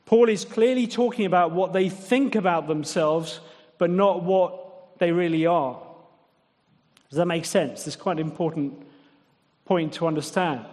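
A man delivering a sermon, chatty and wry, tossing rhetorical questions to his listeners. His voice sits a little higher than most men's, and a long reverb trails each phrase as in a large hall. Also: measured pace, pauses often, a little mellow. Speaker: preacher.

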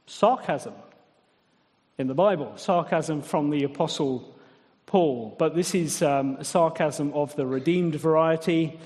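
A man's voice: fairly high pitch, measured pace, a little mellow. A man preaching a sermon in a conversational, wry way, often putting rhetorical questions to the congregation. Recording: long echoing reverb of a large hall.

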